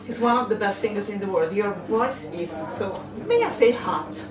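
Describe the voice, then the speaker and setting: A woman interviewing a musician backstage, effusive and quick to laugh. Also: medium pitch, lively intonation. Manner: giggly, effusive, fast questions. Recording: roomy, distant, crowd noise behind.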